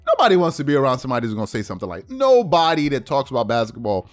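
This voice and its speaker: A man's voice: mid-range voice, racing. A man hosting a sports show, reacting to a clip with an incredulous, laughing rant. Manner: animated, incredulous, ranting with laughs. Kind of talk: casual sports commentary.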